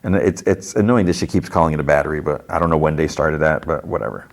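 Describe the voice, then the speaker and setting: A man's voice: a bass voice, fast, creaky. A man hosting a podcast, casually retelling an episode in a rambling way, full of fillers. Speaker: podcast host.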